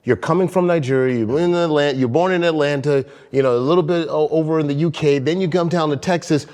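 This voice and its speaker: Male co-host, thoughtful, rambling questions, slightly high voice. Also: quick pace, darkish tone. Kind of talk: casual interview chat.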